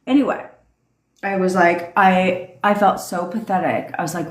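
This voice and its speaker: A young woman rants bluntly on a phone livestream, swearing freely and pressing each point hard. Her voice sits low. The sound bounces around an echoey room. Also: moderate pace. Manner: blunt, profane, emphatic. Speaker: manifestation coach. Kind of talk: livestream rant.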